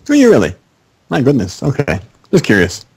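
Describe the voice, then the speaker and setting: Husky man asking wry questions. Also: mid-range voice, wildly swooping pitch, moderate pace. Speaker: podcast panelist. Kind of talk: casual chat.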